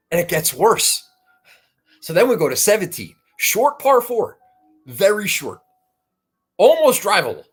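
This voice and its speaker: A podcast host vents about a bad golf weekend in a casual recap. The delivery is exasperated and animated, full of swearing, restarts and sudden rising outbursts. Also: medium pitch, unhurried, pauses often, husky, faint music behind.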